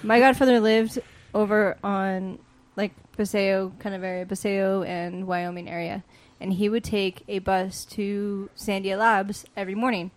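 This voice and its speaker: A woman from Albuquerque telling a relaxed anecdote in a casual chat. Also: medium pitch, a little slow.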